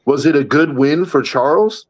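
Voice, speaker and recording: A man's voice: on the high side, normal speed, rough recording. A man co-hosting a podcast in casual chat, talking bluntly and emphatically, swearing freely. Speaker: podcast co-host.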